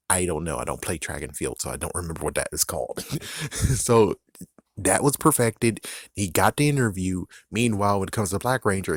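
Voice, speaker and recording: A man's voice: low voice, no room sound. A man giving a casual spoken review of a TV episode, rambling through "it's like" asides and chuckling often.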